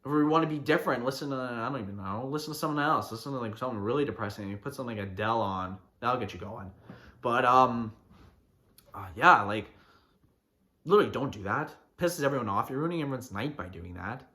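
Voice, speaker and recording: A man rants through his own podcast, getting fired up and mocking people as he goes. His voice swings widely up and down in pitch, never staying flat for long. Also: fast. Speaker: podcast host. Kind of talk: casual ranting monologue.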